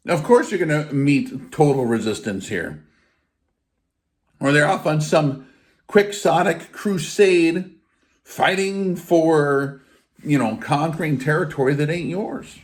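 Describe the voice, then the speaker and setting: A man's voice: a little high, slow pace. A man giving an informal spiritual teaching in a blunt, emphatic way, with casual swearing. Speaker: faith teacher.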